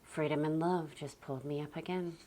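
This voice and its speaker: A young adult woman talking gently and slowly about calm parenting, often dropping almost to a whisper. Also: deep voice, noisy background. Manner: soft, slow and gentle, often near a whisper. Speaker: parenting vlogger. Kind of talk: calm reflective talk to camera.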